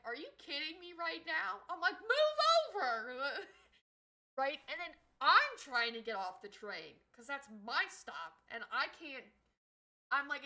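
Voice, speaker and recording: Bright, lively woman streamer. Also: fairly high pitch, rough recording. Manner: animated storytelling, swears, laughs. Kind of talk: casual livestream chat.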